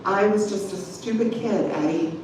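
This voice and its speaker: A woman's voice: medium pitch, normal speed, natural voice. A woman reading aloud voices an upset young man who insists and pleads in a raised voice. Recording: echoey room from far off, background noise.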